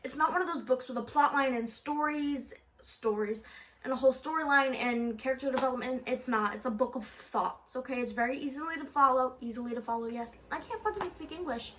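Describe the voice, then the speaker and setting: A young woman talks straight into her phone camera in a loose storytime vlog. Her voice sits high, and she rambles, swears freely and fills every gap with "like". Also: brisk, sharp tone, a little hiss or hum. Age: young adult. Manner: chatty, profane, rambling with frequent "like". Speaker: vlogger.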